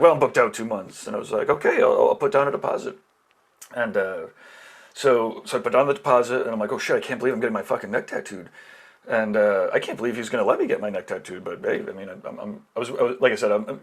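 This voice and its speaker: Man, podcast guest on a call; quick, loose, rambling anecdote delivery. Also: lowish voice. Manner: rambling, lots of fillers and restarts. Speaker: podcast guest, tattoo collector. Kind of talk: casual storytelling.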